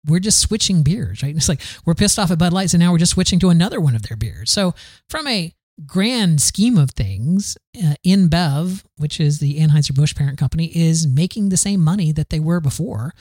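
A man's voice: fairly high pitch, animated, normal speed, a little mellow, no echo, studio quality. A man hosting a podcast, riffing through the news in a casual, sarcastic way, full of fillers and restarts. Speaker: podcast host.

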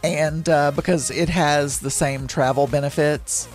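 A man's voice: a little high, fairly even intonation, a little slow, soft background music. A man hosting his own podcast, chatting casually in a rambling way and laughing easily as he talks from home. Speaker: podcast host. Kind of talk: casual solo podcast monologue.

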